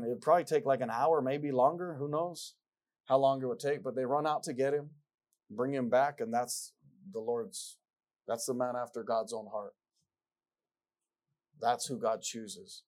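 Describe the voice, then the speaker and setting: A man's voice: medium pitch, darkish tone. A man preaching a sermon, reading scripture aloud and pressing his points with repetition and rhetorical questions. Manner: emphatic, repeats lines, asks rhetorical questions; reads scripture aloud in King James wording.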